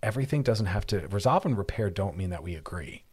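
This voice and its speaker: Male radio host giving relationship advice, a touch low and husky, easygoing and reflective. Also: lively intonation, quick pace, darkish tone. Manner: reflective, explains through personal stories.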